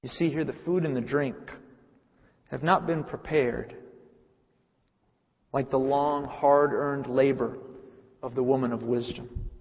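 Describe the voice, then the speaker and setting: Earnest preacher in a reverberant hall. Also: male voice, mid-range voice, steady tone, measured pace, long pauses, breathy edge. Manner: earnest, emphatic, repeats phrases for weight. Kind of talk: sermon. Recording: reverberant hall, muffled sound.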